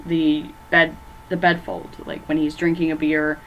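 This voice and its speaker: This low-pitched woman shows little pitch movement and a measured pace, on a muffled recording with a little hiss or hum. Casually ranking horror movies from her bedroom, she rambles, uses lots of fillers, and stumbles over names.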